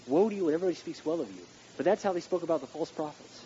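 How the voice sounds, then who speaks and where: A man's voice: on the high side, rapid-fire, few pauses. Blunt preacher man, emphatic, hissy dull tape. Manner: blunt, emphatic, rising to loud outbursts. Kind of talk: sermon. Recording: dull recording with background hiss.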